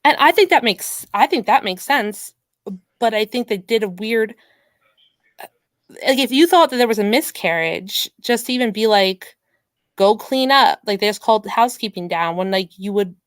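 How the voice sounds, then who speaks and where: Female host, mid-pitched, dry sound, muses aloud in a loose panel chat. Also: lively intonation, normal speed, no echo. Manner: thinking aloud, frequent restarts and hedges. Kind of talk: casual panel discussion.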